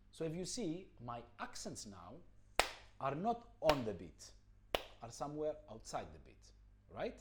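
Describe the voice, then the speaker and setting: A man's voice: medium pitch, huge pitch swings, measured pace, background noise. A man teaching a rhythm lesson, explaining patiently and chanting counting syllables. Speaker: music teacher.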